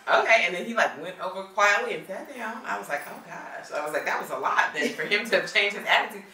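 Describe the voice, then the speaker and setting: A woman's voice: medium pitch, fast, roomy sound, recorded from a distance, crowd noise. A woman co-hosting a casual podcast chat about parenting and movies, telling stories emphatically. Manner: animated, emphatic storytelling. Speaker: podcast co-host.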